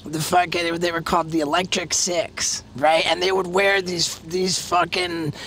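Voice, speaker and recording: A man hosting a podcast, telling a rowdy, profane story, excitable and laughing as he talks. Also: high voice, measured pace, slight background noise. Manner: excitable, profane, laughs through his stories. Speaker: podcast host.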